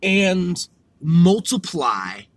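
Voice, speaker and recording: A man's voice: high-pitched, sing-song, very slow. A man hosting a podcast in a casual, rambling monologue, laid-back and profane, chuckling often. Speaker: podcast host.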